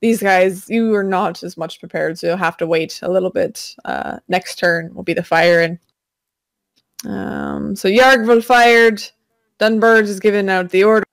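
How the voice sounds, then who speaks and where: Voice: mid-range voice, lively intonation, moderate pace, gravelly, a bit bright, no echo. A game master casually narrating a tabletop pirate battle for players. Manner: casual, describing action with fillers.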